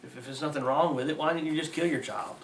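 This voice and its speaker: Here a preacher with a highish voice reads aloud at a quick pace and fairly even intonation, offering blunt, mocking moral commentary in folksy, plain-spoken grammar. The sound is roomy, the mic distant, with faint hiss.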